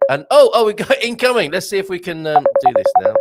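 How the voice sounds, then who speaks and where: A man's voice: high-pitched, quick pace, loud music behind the voice. An English man hosting a live chat show, joking and laughing often. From England. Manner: jokey, animated, laughs often. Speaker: host.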